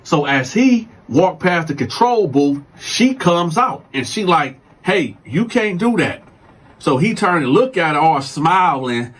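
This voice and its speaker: A man's voice: a little high, measured pace, few pauses, breathy edge, low-quality recording. A man host telling a story casually to his viewers, acting out every voice. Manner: animated, acts out every voice.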